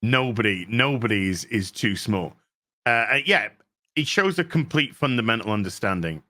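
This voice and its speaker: Blunt man with a bright voice. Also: fairly low pitch, animated, moderate pace. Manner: blunt, profane, scathing critique. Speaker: co-host. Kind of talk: casual podcast chat.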